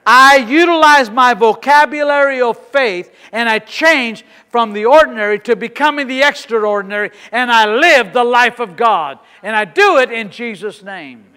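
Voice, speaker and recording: Preaching pastor, a man with a high, bright, forceful voice, emphatic declarations, long church-hall reverb. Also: moderate pace, few pauses, clear, resonant tone. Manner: loud, emphatic declarations with congregation. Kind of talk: sermon.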